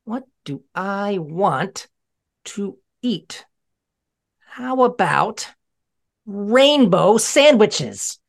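A squeaky, cheeky puppet monkey, as a performer puts him on, bratty and full of sass. The voice sits well above the performer's own and sounds a little off mic. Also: sing-song, extremely slow, creaky, pauses often, exaggerated voice. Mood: sassy. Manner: sassy and high-spirited.

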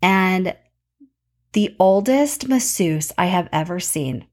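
A woman's voice: on the low side, slow. Chatty woman podcast host telling stories. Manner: chatty and animated, acts out quoted voices. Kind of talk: casual personal storytelling.

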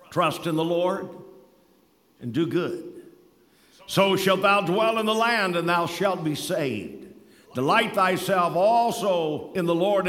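A man's voice: high-pitched, a bit bright, big-room sound. A man preaching a sermon, quoting scripture in old-fashioned wording and telling folksy stories with rising emphasis. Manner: preaching with scripture quotations in King James wording.

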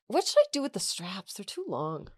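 Young woman co-host, casual chat, animated storyteller, mid pitch, dry close mic. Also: moderate pace, husky, no echo. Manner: animated storyteller, acts out quotes. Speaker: podcast co-host.

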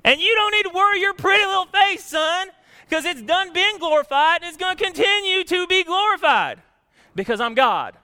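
A man voicing God as a folksy rural father, loud and drawling with a put-on redneck accent. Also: very high voice, animated, moderate pace, big-room sound, voice pushed up, exaggerated voice. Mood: booming reassurance. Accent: Southern US redneck (put on).

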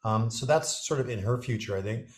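A Canadian man guests on a radio interview, talking in an easygoing, generous way. His voice sits at an ordinary middle pitch. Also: brisk. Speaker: musician guest.

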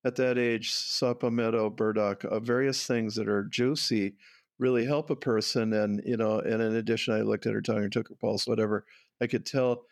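An older man, a guest herbalist, telling stories in a relaxed way and often laughing. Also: fairly low pitch, normal speed, no echo, clean studio sound. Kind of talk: conversational interview.

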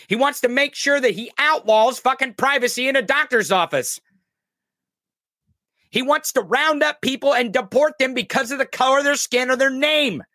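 Male host with a high, bright voice, delivering sarcastic, profane political rants. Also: dry recording, studio quality. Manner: profane, angry and sarcastic ranting. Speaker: podcast host. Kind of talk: political commentary rant.

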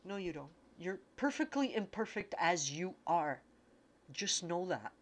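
A woman giving an unscripted spiritual talk, tearful and emotional, speaking haltingly and repeating herself. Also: lowish voice, very animated.

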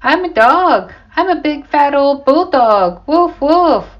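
Boisterous male party host, high and mocking, put on by a woman; slow, dull recording. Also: expressive. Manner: teasing, boisterous. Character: jovial loud adult male party host.

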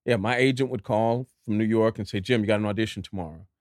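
A middle-aged man from Dallas, an actor guest in an interview, telling stories in an animated way and acting out other people's voices. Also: lowish voice, quick pace, dry recording, clean studio sound. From Dallas, Texas. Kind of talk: storytelling interview.

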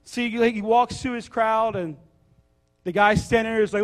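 A man preaching a sermon, joking and acting out a story in a casual, animated way. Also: high-pitched, moderate pace. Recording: reverberant hall.

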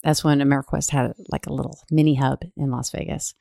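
A woman's voice: very deep voice, little pitch movement, quick pace, vocal fry, warm tone, no room sound, clean studio sound. A woman, a flight attendant, telling stories animatedly on a podcast with laughter. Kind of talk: casual podcast storytelling.

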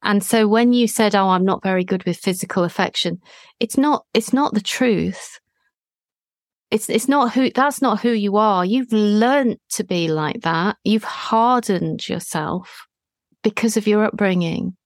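A woman, hosting a gentle therapeutic conversation in a calm, reassuring, deliberate way. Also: medium pitch, no echo, clean studio sound. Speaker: healing practitioner, podcast host.

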